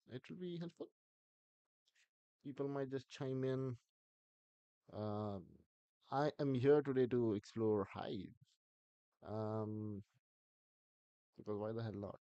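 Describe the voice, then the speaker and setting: A man's voice: lowish voice, warm tone, no room sound. Man thinking aloud on a stream. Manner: thinking aloud, halting with restarts. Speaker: live streamer. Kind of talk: casual live-stream talk.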